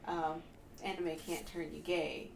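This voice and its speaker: A woman's voice: on the low side, flat delivery, a little slow, creaky, crowd noise. Hesitant woman, echoey room. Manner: hesitant, thinking aloud. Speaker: podcast co-host. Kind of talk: casual group chat. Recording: roomy, faint background hiss.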